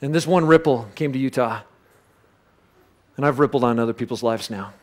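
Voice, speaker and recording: A man preaching a sermon, telling a lively story with sudden loud bursts and then dropping to a soft, low voice for reflective points. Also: a little fast. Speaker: pastor.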